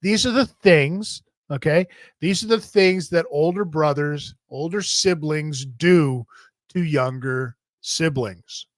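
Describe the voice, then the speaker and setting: Profane, storytelling man with a high voice. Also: slow pace, no echo. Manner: profane, animated, jokey. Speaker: host. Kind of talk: casual storytelling.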